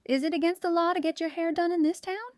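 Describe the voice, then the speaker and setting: A woman voicing a defensive, sharp-tongued female suspect in an audiobook, snapping back in a defiant way. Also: very high-pitched, fairly even intonation, fast talker, no room sound, clean studio sound, voice pushed up. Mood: snappish. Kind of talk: audiobook character reading.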